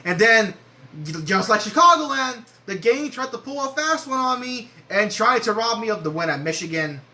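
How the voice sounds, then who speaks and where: A young man giving gameplay commentary on a racing game, excitable, swearing and yelling at the game. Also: very high voice, moderate pace, poor audio.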